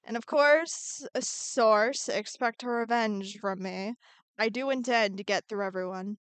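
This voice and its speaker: A woman on the high side of pitch streams her drawing at a measured pace, bubbly as she answers chat and murmurs to herself while working. Her voice is smooth and the recording is dry.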